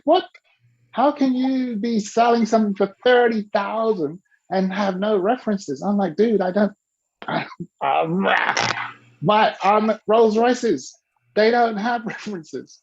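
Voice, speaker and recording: A husky man with a gravelly edge tells an animated coaching story, bouncing between the voices of the people he quotes. He coaches the listener along and has them repeat his rules back. The recording sounds dull and lo-fi. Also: high-pitched. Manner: acts out quoted dialogue with lively shifts in voice. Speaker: business coach.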